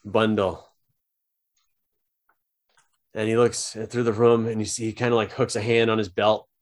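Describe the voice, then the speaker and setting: A man's voice: fairly low pitch, little pitch movement, measured pace. A man narrating an improvised tabletop game as game master, in a loose, casual way with many fillers.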